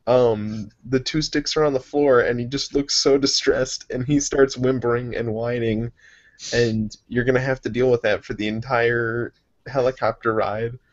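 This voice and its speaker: A man's voice: mid-range voice, fairly even intonation, moderate pace. A man narrating a tabletop game as game master, playful, often laughing, with stammering restarts. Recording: dull lo-fi sound.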